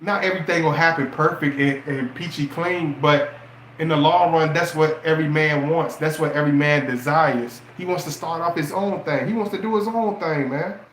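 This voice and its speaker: A man giving casual relationship advice in a preachy, animated way, firing off rhetorical questions. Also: fairly high pitch, normal speed, roomy sound, slight background noise. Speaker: relationship and astrology vlogger.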